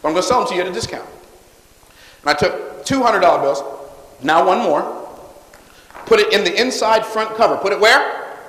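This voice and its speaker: High-voiced man working a crowd in an echoey hall. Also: normal speed, long pauses. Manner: energetic call-and-response with the crowd. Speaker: motivational speaker selling books. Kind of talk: live stage talk to an audience. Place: large hall with live audience. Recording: echoey hall, long reverb.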